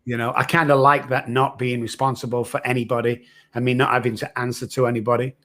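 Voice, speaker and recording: A man's voice: mid-range voice, little pitch movement, fast talker, sharp tone. A middle-aged man, frankly telling his own hard story as a podcast guest. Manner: earnest, raw, frank. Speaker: recovery expert guest. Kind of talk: candid personal storytelling.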